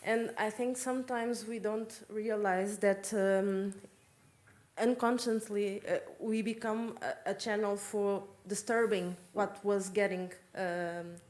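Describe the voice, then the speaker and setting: Slow, hesitant woman in the audience. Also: medium pitch, fairly even intonation, darkish tone. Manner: hesitant, many fillers and restarts. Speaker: audience member.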